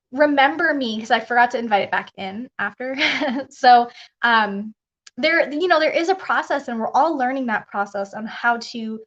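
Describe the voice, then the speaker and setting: A woman's voice: on the high side, a bit bright. A woman spiritual coach chatting casually on a live stream, rambling through her thoughts and laughing often. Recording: dull lo-fi live stream audio.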